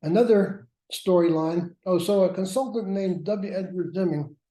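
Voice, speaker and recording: A man's voice: high-pitched, moderate pace, mellow. A man teaching a workshop class, lecturing with wry, self-mocking asides. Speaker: workshop instructor. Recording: roomy echo.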